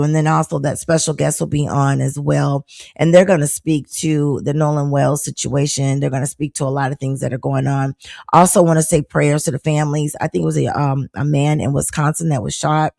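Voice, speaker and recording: A woman's voice: sits low, gravelly, a little mellow, no room sound, clean studio sound. A middle-aged woman hosting a live podcast, talking casually and animatedly to viewers with fillers and laughter. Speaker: podcast host. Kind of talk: casual live-show chat.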